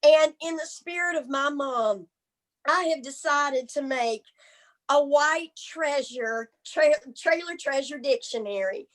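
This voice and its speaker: Captured on a rough recording, a woman with a high, slightly bright voice works a comedy stage with bold, homespun, bawdy material, lingering over each punchline.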